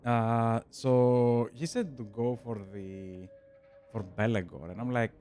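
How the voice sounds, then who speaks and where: A man's voice: medium pitch, slow, warm tone, soft background music. A young man from Greece with a Greek accent, streaming a strategy game and chatting casually with viewers, laughing often. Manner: chatty, laughs often, addresses chat as "bro". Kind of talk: casual chat while gaming.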